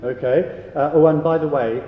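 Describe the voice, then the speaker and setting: A man directing a choir rehearsal, briskly giving notes, counting the singers in and singing example phrases. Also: a little high, fairly even intonation. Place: large rehearsal hall. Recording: echoey hall, dull lo-fi sound.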